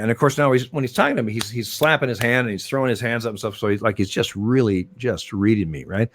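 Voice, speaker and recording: An older man, a retired umpire, telling stories in a relaxed interview, with many fillers and restarts. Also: mid-range voice, quick pace, no echo. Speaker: retired baseball umpire, guest. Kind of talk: casual interview storytelling.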